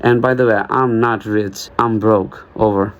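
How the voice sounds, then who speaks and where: A man's voice: lowish voice, fairly even intonation, a little slow, dull audio. Rambling, joking man vlogging. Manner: rambling, joking, acts out little dialogues. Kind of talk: casual monologue to camera.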